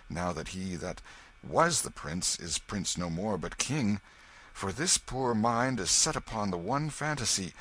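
A man's voice: fairly low pitch, a bit bright, breathy edge, exaggerated voice. A man doing a hearty kindly knight. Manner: cheery, bluff old-fashioned speech.

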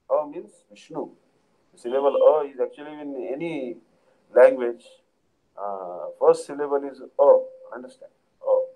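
A man's voice: mid-range voice, mellow, poor audio. A man giving a devotional lecture, explaining patiently and often checking in with "Understand?". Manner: repeatedly asks "Understand?" to listeners; unhurried, explanatory, with frequent fillers. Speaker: spiritual teacher.

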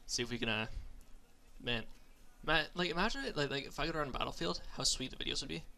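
Excitable young man, gravelly and bright. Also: fairly high pitch, fast talker. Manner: excitable, loud and profane, shouting at other players. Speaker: gamer doing commentary. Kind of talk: live gameplay commentary.

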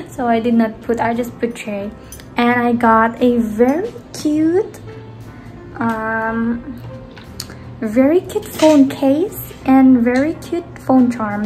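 Young woman from the Philippines, slightly high voice, rambling home vlog that trails off softly. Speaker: vlogger. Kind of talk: casual chatty vlog. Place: indoors at home.

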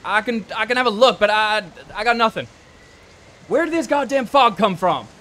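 A man doing a gruff, cursing grown man. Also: fairly high pitch, a little fast, pushed and bright. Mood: agitated. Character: gruff, frustrated grown man, swears a lot.

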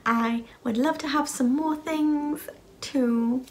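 A woman's voice: high voice, fairly even intonation, takes it slowly. A woman vlogger talking casually to camera in a rambling, chatty way, full of fillers and restarts.

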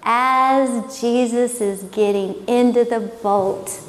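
A woman's voice: on the high side, fairly even intonation, slow, long reverb tail. A woman teaching a Bible story as a sermon, telling it with animation and acting out what the people said.

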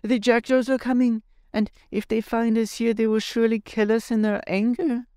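A man voicing an alarmed young boy adventurer in a very high, strained squeak. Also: a little slow, mellow, clear, resonant tone, no room sound.

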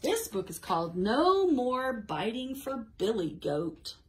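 A woman librarian hosting a toddler storytime, coaxing little listeners to count along and reading a picture book aloud. She speaks slowly and clearly, her fairly high voice rising and falling in a lively sing-song. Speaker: children's librarian.

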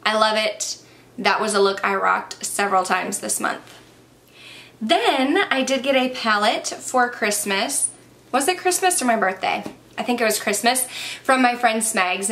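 A woman's voice: a little high, pushed and bright. A young woman chatting casually and enthusiastically through a makeup review, a little out of breath. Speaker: beauty vlogger.

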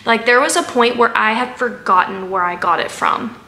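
A woman's voice: on the high side, normal speed, sharp tone, reverberant. A woman chatting casually through a haul vlog, rambling with fillers and asides as she sorts items. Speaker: haul vlogger.

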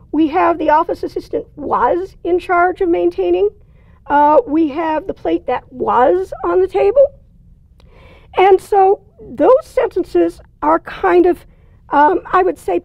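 A woman's voice: very high-pitched, gravelly, dry recording, dull audio. A woman teaching a writing lesson, explaining in a plain, conversational way with dry asides. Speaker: writing instructor. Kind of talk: recorded lecture.

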